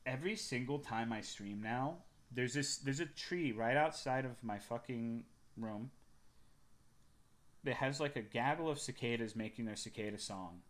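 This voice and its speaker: A man's voice: medium pitch, normal speed. A young man from Texas, a livestreamer chatting casually with his viewers in a loose, profane and joking way.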